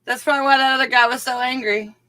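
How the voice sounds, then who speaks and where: A woman's voice: high voice, steady tone, fast, pushed and bright. Bubbly woman co-hosting a stream. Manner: bubbly, laughs often. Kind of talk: casual live-stream chat.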